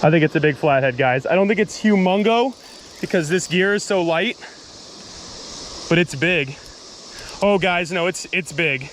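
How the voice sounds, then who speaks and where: A young man giving excited, breathless running commentary as he fights a fish by a river outdoors. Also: sits high, normal speed, pauses often, a little hiss or hum, rough recording. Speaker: fishing vlogger. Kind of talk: live fishing commentary.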